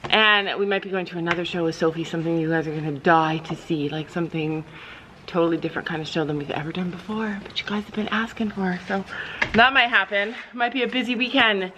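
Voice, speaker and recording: A middle-aged Canadian mother who runs a family farm channel chats casually to her camera in a barn on the farm, laughing often and cooing at her dogs. Her fairly low voice is steady and fast, with a noisy background.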